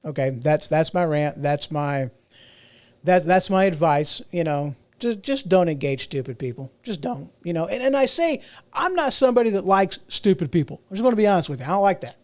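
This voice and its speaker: A middle-aged man with a notably high-pitched voice hosts his own podcast, talking alone in a loose, rambling rant. He repeats words and restarts his sentences, and he often pokes fun at himself. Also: sing-song, a little fast. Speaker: podcast host. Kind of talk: casual solo rant.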